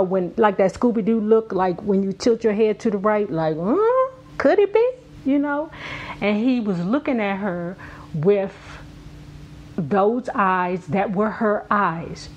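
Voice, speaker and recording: A woman hosting a casual commentary, reading a book aloud and cutting in with blunt, profane remarks to her viewers. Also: mid-range voice. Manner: outspoken, profane, talks straight to viewers. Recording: dull lo-fi audio with faint hum.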